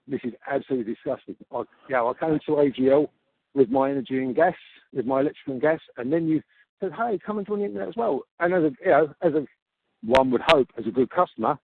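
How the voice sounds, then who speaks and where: A man making a heated complaint on a phone call, halting and repeating himself in exasperation. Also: a little high, big pitch swings, vocal fry. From Australia. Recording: tinny phone-call recording with hiss.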